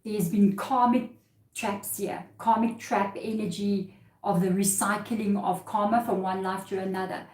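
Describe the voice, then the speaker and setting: A woman's voice: mid-range voice, steady tone, a little slow, a little mellow, roomy sound, rough recording. A woman giving a live tarot reading, talking earnestly and emotionally about spirit guides and cards. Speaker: tarot reader.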